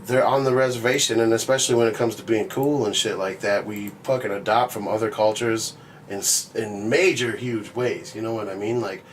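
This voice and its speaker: A man's voice: fairly low pitch, fairly even intonation, brisk, slight background noise. A man co-hosting a podcast, talking loosely and swearing a lot, with "you know what I mean" in nearly every line. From grew up on a reservation. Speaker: podcast co-host. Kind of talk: casual chat.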